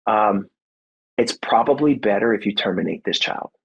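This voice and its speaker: A man in his thirties, a former football player, telling a personal story in a podcast interview, earnest and animated, acting out what people said. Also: on the low side, normal speed, gravelly, slightly rough, muffled recording. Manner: faith-centered, reflective. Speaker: guest, former football player and motivational speaker.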